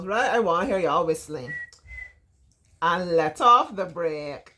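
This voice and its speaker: Barbadian woman, middle-aged, storybook reading, lively up-and-down voice, playful. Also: on the low side, slow, a little hiss or hum. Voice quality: playful, laughs often, dialect asides. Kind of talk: reading a storybook aloud with chat.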